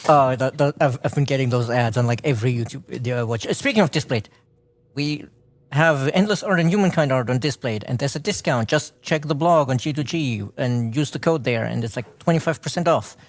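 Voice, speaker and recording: A man's voice: medium pitch, fairly quick. A man hosting a live game stream, chatting and commenting on gameplay, laughing often and restarting his words.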